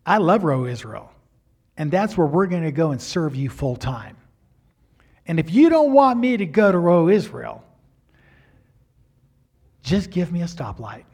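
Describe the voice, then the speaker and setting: A middle-aged male pastor telling a personal story in a sermon, animated, acting out the quotes with big swings in loudness. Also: on the high side, unhurried, long pauses, husky.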